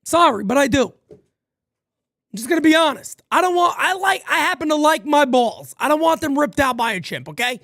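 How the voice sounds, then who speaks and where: A man hosts a live fan broadcast of a baseball game and wanders off on profane tangents. His pitch jumps up and down constantly as he talks. The sound is dry and close to the mic. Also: moderate pace, dry recording. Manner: animated, rambling, swears casually. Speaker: livestream host. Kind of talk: live fan play-by-play commentary.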